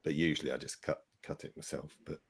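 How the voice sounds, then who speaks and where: Deep gravelly man, lively. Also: fast. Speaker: guest. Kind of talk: casual chat.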